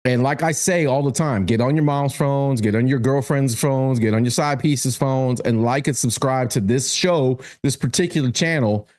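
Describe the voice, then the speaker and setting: A man's voice: mid-range voice, normal speed, few pauses, darkish tone. A man co-hosting a sports podcast, chatting casually in a sarcastic, joking way. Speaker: podcast co-host.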